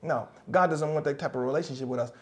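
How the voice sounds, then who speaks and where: A man preaching a sermon and leading prayer as a pastor, with a folksy, repetitive cadence that rises to loud, passionate exhortation. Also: fairly high pitch, fast. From United States.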